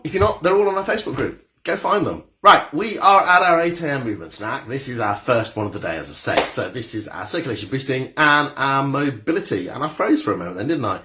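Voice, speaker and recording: A man's voice: mid-range voice, bright, forceful tone. A man, leading a live-streamed exercise class indoors and greeting viewers by name in a chatty way. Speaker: exercise instructor. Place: indoor room with carpeted floor.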